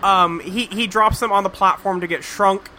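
A man's voice: sits high, steady tone, moderate pace, sharp tone, a little hiss or hum. A man recapping a cartoon episode in casual chat, rambling and profane, with lots of fillers. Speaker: podcast host recapping a cartoon.

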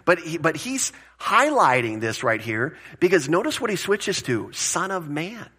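A man preaching a conversational sermon as pastor, plain-spoken and animated, with joking asides. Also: fairly high pitch, a little slow, breathy edge.

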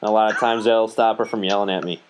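A man's voice: on the low side, little pitch movement, quick pace, heavy background noise. A young man hosting a podcast, joking around crudely and swearing freely. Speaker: podcast host. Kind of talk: casual podcast banter.

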